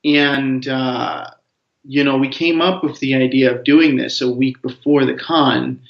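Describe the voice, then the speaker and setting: A comics writer, a guest in a casual interview, tells a rambling story full of animated jokes. His medium-pitched voice moves a little slowly, and the recording is roomy and dull, with a lo-fi quality.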